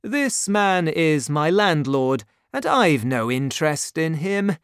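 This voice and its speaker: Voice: mid-range voice, sing-song, slow, clean tone, dry recording, clean studio sound, voice pushed up. A reader voicing a brave young male swordsman in a storybook, with a raised, eager, heroic delivery. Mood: commanding. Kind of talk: storybook reading.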